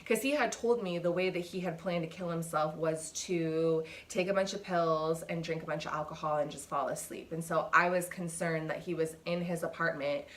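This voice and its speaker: A woman's voice: sits low, fairly even intonation, moderate pace, few pauses. A woman in her thirties telling a painful personal story in an emotional, conversational way, with frequent fillers. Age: 30s. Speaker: vlogger.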